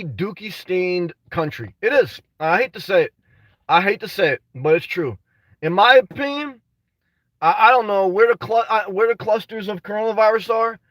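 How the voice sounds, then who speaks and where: Casual livestreamer, male, high-pitched, rambling and frustrated, dry sound from a distance from the mic. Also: fairly bright tone, dry recording. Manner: rambling, frustrated, full of "man" and restarts. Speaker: vlogger reading live chat.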